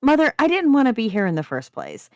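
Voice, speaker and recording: A woman's voice: a little high, big pitch swings, quick pace, dry recording, voice pushed up. A woman reading aloud as a defiant young woman who answers her mother in mock innocence. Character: defiant sarcastic young woman, rebellious daughter.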